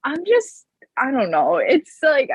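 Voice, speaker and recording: A woman's voice: high-pitched, huge pitch swings, takes it slowly, no room sound, low-quality recording. Blunt, laughing woman sports podcaster. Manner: blunt, swears freely, laughs often. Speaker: podcast co-host. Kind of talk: casual sports chat.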